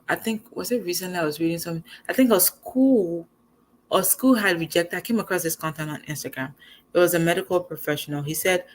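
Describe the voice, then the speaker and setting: A young woman giving a casual motivational talk as host, animated and conversational. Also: on the low side. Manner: animated, conversational, acts out quoted lines.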